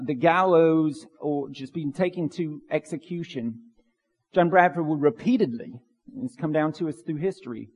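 A man's voice: a little high, a little mellow, big-room sound. A man preaching a sermon as pastor, earnest, repeating phrases for emphasis.

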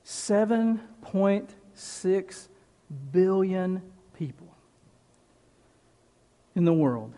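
A male pastor delivers his sermon at an unhurried, emphatic pace, repeating key phrases for weight. His voice sits a little high for a man. The sound carries a long reverb, as in a large church hall. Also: animated, mellow.

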